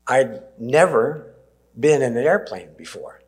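A Canadian preacher in his sixties tells stories from the pulpit. His voice sits at a mid pitch. He pauses for emphasis and chuckles gently as he speaks. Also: expressive. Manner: warm storytelling with gentle laughs and emphatic pauses. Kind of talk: sermon with personal stories.

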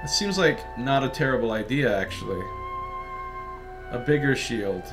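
A man's voice: medium pitch, lively intonation, normal speed, pauses often, music in the background. A man giving casual, joking let's play commentary while chatting with his viewers. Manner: chatty, joking, talks to chat. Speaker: gaming livestreamer.

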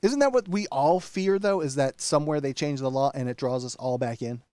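A man's voice: medium pitch, brisk, dark tone, no echo, clean studio sound. A man hosting a casual podcast, chatty and reading listener questions aloud. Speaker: podcast host.

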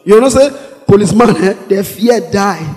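A man with a Nigerian Pidgin English accent telling a stand-up comedy story, animated, acting out the voices of the police with shouts and laughter. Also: sits high, normal speed. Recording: echoey hall with long reverb.

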